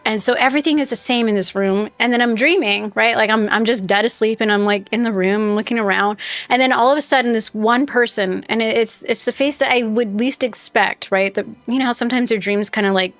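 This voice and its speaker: A woman's voice: fairly high pitch, a little fast, fairly bright tone, no room sound, soft background music. A woman streaming a game live, telling a rambling story in casual chat and talking back to her viewers. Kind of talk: casual chat while playing.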